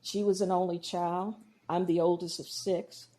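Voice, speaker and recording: A woman from Georgia with a Midwestern American accent, a deacon, shares her personal testimony as a podcast guest, telling stories and acting out the dialogue. Her voice is on the low side and mellow, with a level tone at normal speed.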